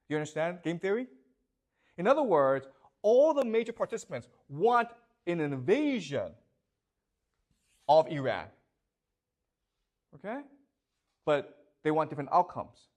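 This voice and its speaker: A man lecturing a classroom, asking students questions and checking often whether they follow. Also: fairly high pitch.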